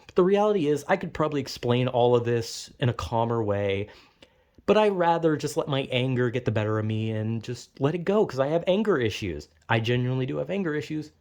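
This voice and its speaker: A man's voice: animated, a little fast, a little mellow. Heated, profane man venting. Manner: angry, profane and self-described melodramatic; swings between heated outbursts and low, weary muttering. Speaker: vlogger. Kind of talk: venting monologue to camera.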